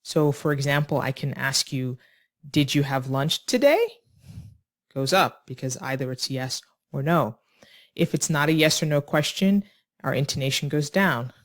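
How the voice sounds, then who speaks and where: An English teacher talks learners through small talk in an ESL lesson. They explain step by step and act out short example lines along the way. The voice sits at a middle pitch. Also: steady tone, normal speed.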